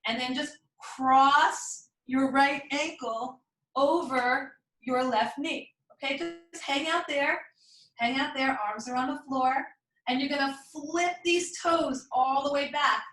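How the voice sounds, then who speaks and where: Woman yoga teacher, bright voice, a bit high, encouraging, echoey room off-mic. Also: measured pace, far from the mic. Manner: encouraging, chatty, talks through each move. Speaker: yoga instructor. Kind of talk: guided yoga class instruction.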